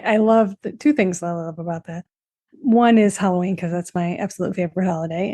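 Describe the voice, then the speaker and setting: Woman podcast host, earnest explainer, mellow tone with fry. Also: mid-range voice, no echo, clean studio sound. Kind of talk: interview talk.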